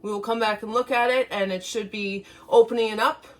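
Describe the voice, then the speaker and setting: A woman's voice: a little high, fairly even intonation, brisk, a bit bright. A woman chatting casually as she talks viewers through baking in her home kitchen, step by step. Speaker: home cook and channel host. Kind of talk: casual cooking demo.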